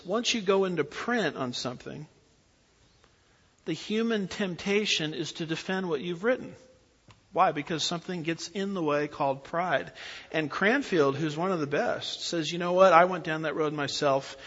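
A man preaching an expository Bible lesson, pausing to ask his listeners to fill in the blanks. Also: fairly high pitch, slightly rough. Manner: asks the audience fill-in-the-blank questions. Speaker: pastor teaching a Bible class. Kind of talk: expository sermon lecture. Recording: dull audio with long hall reverb.

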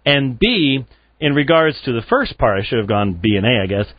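A man's voice: mid-range voice, very animated, moderate pace, no room sound, dull audio. A man hosting a call-in radio show, pressing a caller with argumentative questions.

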